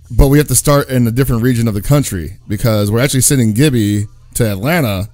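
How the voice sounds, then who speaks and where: A man's voice: mid-range voice, a little fast, a little mellow, no echo, faint music behind. A man co-hosting a gaming podcast, chatting casually in a rambling way with frequent laughs and asides. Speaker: podcast co-host.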